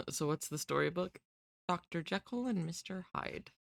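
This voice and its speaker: A woman's voice: fairly low pitch, expressive, moderate pace, gravelly, no room sound. A woman streamer chatting casually with her viewers, rambling and giggling at herself. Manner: giggly, rambling, self-deprecating.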